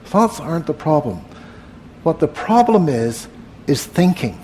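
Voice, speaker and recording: A man teaching meditation to a live group in a room, relaxed and conversational, often asking the room questions. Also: a little high, unhurried, a little hiss or hum. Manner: relaxed, asks the audience questions, frequent "uh". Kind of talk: evening talk to a live group.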